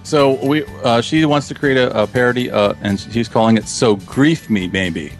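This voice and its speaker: A man's voice: mid-range voice, normal speed, soft background music. A man chatting as a podcast guest about his video projects in a casual, rambling way, often restarting sentences and chuckling.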